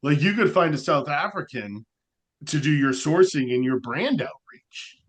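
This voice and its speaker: Animated rambling man, slightly high voice. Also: unhurried. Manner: rambling, animated, frequent "like" fillers. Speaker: podcast co-host. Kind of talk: casual podcast chat.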